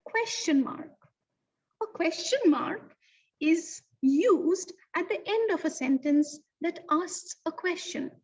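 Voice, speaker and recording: High-voiced animated woman teaching children. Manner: animated, sing-song teacher talk with slow stressed words. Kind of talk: online lesson for young children. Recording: distant, dull lo-fi sound.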